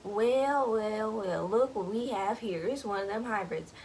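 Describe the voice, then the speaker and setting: A woman's voice: medium pitch, unhurried, darkish tone, slight background noise, natural voice. A woman playing a sneering country hunter. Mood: taunting. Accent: rural American country accent, put on. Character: rough country hunter man, taunting, greedy.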